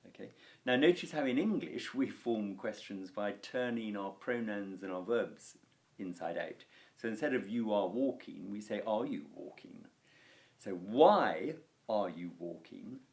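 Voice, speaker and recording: A man giving a relaxed Latin grammar lesson, unhurried and patient. His pitch moves freely through each sentence, and he slows right down for each example phrase. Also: creaky. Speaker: Latin teacher.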